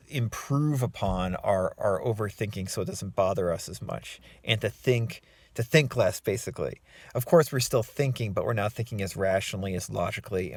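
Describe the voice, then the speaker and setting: A man who coaches and writes self-help books, giving relaxed, reflective advice to the camera with many fillers and restarts. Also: on the low side, no room sound. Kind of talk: casual talking-head advice.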